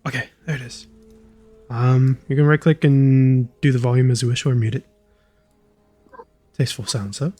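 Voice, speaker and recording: A man narrating as game master in a tabletop role-playing game, in a relaxed, casual way. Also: mid-range voice, moderate pace, pauses often, faint music behind.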